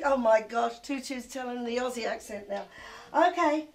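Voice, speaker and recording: High-voiced older woman gushing on TV. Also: normal speed. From England. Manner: gushing, sing-song, doting. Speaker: TV show host. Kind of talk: casual chat with a child guest.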